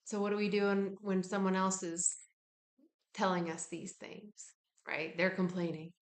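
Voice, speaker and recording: A woman giving a casual self-help talk, relaxed and frank, with casual swearing. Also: medium pitch, measured pace, reverberant. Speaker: wellness speaker.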